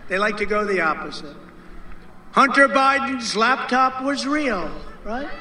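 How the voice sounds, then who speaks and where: A man's voice: extremely high pitch, animated, a little slow, pushed and bright, reverberant, a little hiss or hum. A man giving a rally speech, emphatic and repetitive, mocking the people he quotes.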